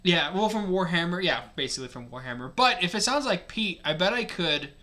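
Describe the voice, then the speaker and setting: A man co-hosting a story reading, chiming in with quick joking quips. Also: high-pitched, expressive, sharp tone. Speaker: co-host. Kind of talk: casual chat.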